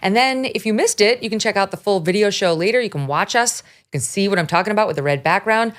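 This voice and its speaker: A woman in her fifties hosting a talk show, blunt and animated, laughing often as she chats. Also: medium pitch, fast. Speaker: podcast host. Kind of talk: opinionated talk show chat.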